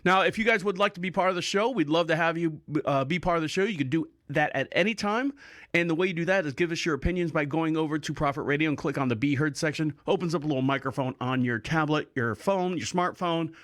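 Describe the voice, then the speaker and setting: A middle-aged man hosts a podcast, spinning a loose, joking story with plenty of chuckles. His voice sits a little high for a man. The sound is close and dry, with no room echo. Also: fast talker, a bit bright. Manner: rambling, joking, laughs while telling stories. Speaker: podcast host. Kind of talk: casual storytelling monologue.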